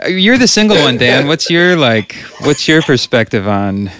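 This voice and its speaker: A man's voice: mid-range voice, sing-song, measured pace, fairly bright tone, no echo. A male podcast co-host reflecting earnestly in casual chat.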